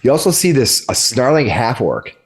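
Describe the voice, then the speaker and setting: A man's voice: mid-range voice, very animated, breathy edge. A man narrating a tabletop game as game master, often restarting his sentences. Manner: halting, many restarts while describing.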